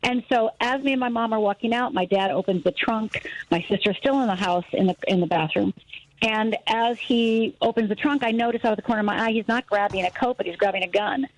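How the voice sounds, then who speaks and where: A middle-aged woman from Upper Michigan, a guest on a radio talk show, telling a personal story in an animated way, acting out voices and laughing easily. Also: fairly high pitch, brisk, dry recording, low-quality recording. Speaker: guest, fear expert.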